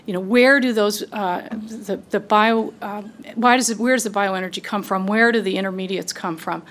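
Gravelly-voiced female doctor. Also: mid-range voice, steady tone, normal speed, fairly bright tone. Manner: searching, restarts phrases. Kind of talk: interview answer.

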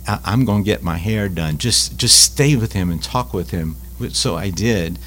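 Low voiced guy, stumbles and repeats himself a lot, tells stories, bit of hum behind. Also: fairly bright tone. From Louisiana. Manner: halting, repeats words, many fillers. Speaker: Catholic food ministry leader. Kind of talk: casual interview storytelling.

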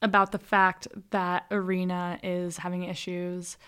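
A woman co-hosting a podcast, casually recapping a film with quick, joking asides. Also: fairly low pitch, level tone, a bit bright, clear, resonant tone. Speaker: podcast co-host.

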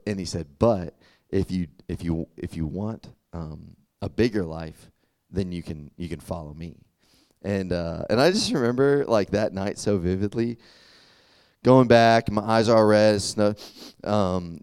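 A young male preacher talks to a youth crowd as if chatting with friends, full of fillers and quick check-ins. His voice sits a little low and sounds smooth. The recording is dry and close. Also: a little mellow, no room sound. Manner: conversational, filler-heavy, often asks "does that make sense?". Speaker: youth pastor. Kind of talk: casual sermon.

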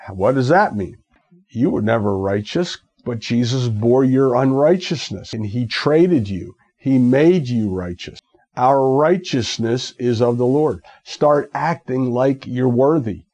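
A man's voice: mid-range voice, a little mellow. A man preaching a fervent radio sermon, with repeated, emphatic phrases.

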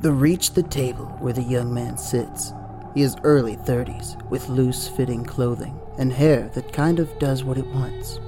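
A woman's voice: rumbling low, fairly even intonation, normal speed, over music. A woman playing a tabletop game, chatting playfully and taking over the narration for a while. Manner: playful, laughing. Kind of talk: casual chat and game narration.

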